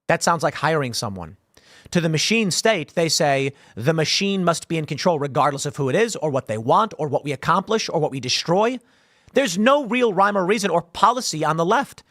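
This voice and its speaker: A man's voice: high voice, expressive, moderate pace, a bit bright, no echo, clean studio sound. Indignant man ranting political commentary. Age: 30s. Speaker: political commentary show host.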